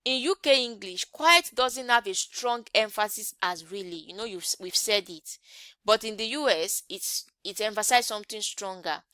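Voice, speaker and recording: A woman's voice: medium pitch, expressive, normal speed, bright, forceful tone, smooth, no echo. A woman teaching an English grammar lesson online, often checking in with rhetorical questions.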